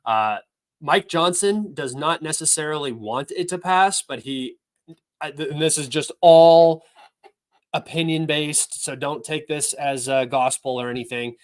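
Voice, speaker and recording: A man's voice: on the high side, unhurried. A young man hosting a livestream, talking through news articles in an offhand, rambling, opinionated way. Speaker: livestream host. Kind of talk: casual livestream news commentary.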